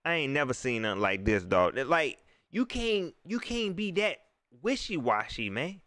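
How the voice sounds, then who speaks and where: A man's voice: a little high, very animated, moderate pace, pushed and bright, dry recording, studio quality. A man hosting a post-game livestream, ranting in repetitive casual slang. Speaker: livestream host.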